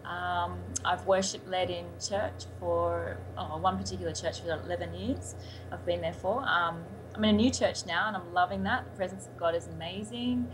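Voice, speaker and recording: A woman's voice: fairly low pitch, steady tone, moderate pace, noisy background. A woman from Sydney with an Australian accent, a singer-songwriter talking over a Skype call, bubbly and laughing often. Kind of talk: casual interview over Skype.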